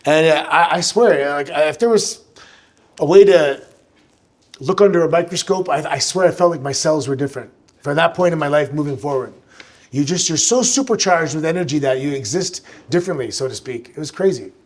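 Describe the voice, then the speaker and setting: A man's voice: a little high, moderate pace. Chatty man telling stories. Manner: animated, chatty storyteller who restarts sentences. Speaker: guest at live fan Q&A. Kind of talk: live on-stage storytelling Q&A. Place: live show venue with audience.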